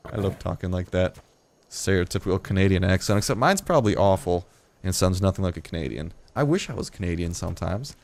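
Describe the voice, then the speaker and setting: A late-teen guy rambling through casual gameplay commentary, joking and swearing freely. His voice sits on the low side for his age. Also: fast talker, creaky, darkish tone. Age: late teens. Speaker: gaming video host.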